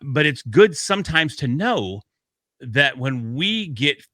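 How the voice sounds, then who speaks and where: A man co-hosting a casual podcast speaks in an upbeat, motivational way and jokes with his co-host, his voice bright and forceful at medium pitch with big pitch swings. He takes it slowly, recorded close and dry with no room sound or echo.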